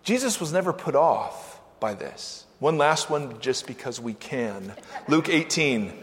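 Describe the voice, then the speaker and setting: A man preaching a sermon as pastor, animated, acting out the voices in the scripture he reads. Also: medium pitch, unhurried, a little hiss or hum. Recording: long hall reverb.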